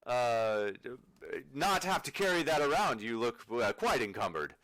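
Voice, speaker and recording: A man voicing a pushy male shopkeeper in a tabletop game, eagerly pitching extra wares. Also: big pitch swings, moderate pace, very noisy, natural voice. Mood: eager upselling. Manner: eager, wheedling salesman patter.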